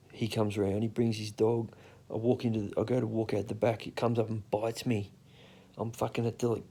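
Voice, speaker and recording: Gravelly, swearing young Australian man. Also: fairly low pitch, mellow. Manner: crude, rambling, swears a lot. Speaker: storyteller. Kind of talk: casual storytelling.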